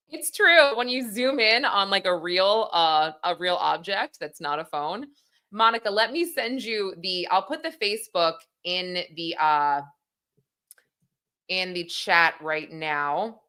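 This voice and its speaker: A woman's voice: on the low side, sharp tone, clean tone. A woman in her thirties hosting a livestream, chatting casually, reading comments aloud and laughing at herself. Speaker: livestream host.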